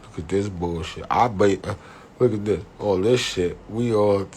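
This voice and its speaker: A man's voice: on the low side, unhurried, darkish tone, a little hiss or hum. A man hosting a casual livestream, rambling and profane, laughing often as he talks. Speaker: livestream host.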